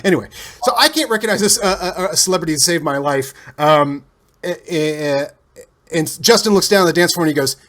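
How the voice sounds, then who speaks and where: A man with a slightly raised pitch chats as an interview guest. He tells stories animatedly, starting over mid-sentence and laughing along the way. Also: fairly quick. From Cincinnati, USA. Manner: animated, rambling with restarts and laughs. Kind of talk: casual storytelling interview.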